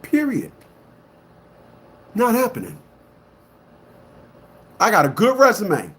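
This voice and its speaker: A man giving a blunt, emphatic monologue to a live audience as an online commentator. He repeats himself often and swings between loud outbursts and low muttering. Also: very animated, a little slow, pauses often.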